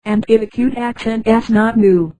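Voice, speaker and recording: A woman reading the part of a calm man hiding from the authorities, his lines a touch lower and mellow. The delivery is dry and close, in the even manner of a storybook reading. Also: normal speed, no room sound, natural voice, rough recording.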